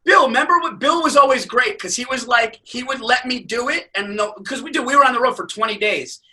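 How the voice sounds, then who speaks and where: A high-pitched man chatting on a podcast in an excitable, swearing rush that rises into shouts. His voice is sharp and forceful. He sits a little back from the mic. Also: a little fast, recorded from a distance, poor audio. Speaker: podcast co-host. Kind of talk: casual comedic chat.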